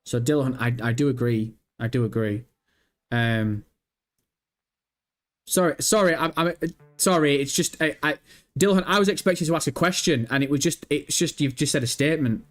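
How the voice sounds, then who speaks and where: A man's voice: mid-range voice, moderate pace. A man hosting a casual livestream, reading viewer messages aloud and rambling through his answers while swearing freely. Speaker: livestream host. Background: faint background music.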